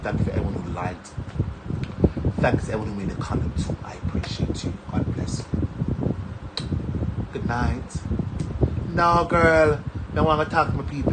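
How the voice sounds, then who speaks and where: A man's voice: mid-range voice, heavy background noise. A man from Jamaica with a Jamaican accent, chatting casually and animatedly on a live stream, rambling and laughing between stories.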